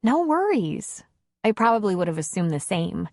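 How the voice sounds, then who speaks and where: A woman's voice: medium pitch, big pitch swings, normal speed, dry recording, studio quality. A woman voicing a chatty, cheerful young single mother in an audiobook. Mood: friendly.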